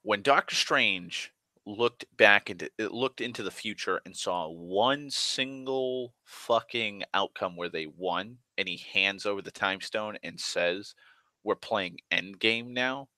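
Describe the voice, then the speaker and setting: A man giving a rambling, profane recap of a film, excitable and full of restarts. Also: on the low side, a little slow, no room sound. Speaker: movie vlogger.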